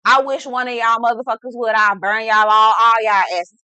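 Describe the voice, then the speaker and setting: A woman's voice: a little high, little pitch movement, moderate pace, pushed and bright, clean tone, dry recording. Woman putting on a cursing protective dragon. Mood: threatening. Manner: menacing, cursing.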